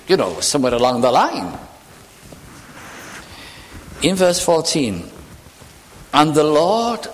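A man preaching a sermon in an earnest, emphatic way, slowing down and going quiet on solemn points. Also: mid-range voice, a little hiss or hum. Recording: long hall reverb.

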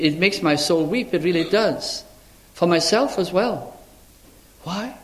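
An older man preaching a sermon in an earnest, pleading way, asking rhetorical questions and rising into sudden high exclamations. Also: reverberant. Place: church.

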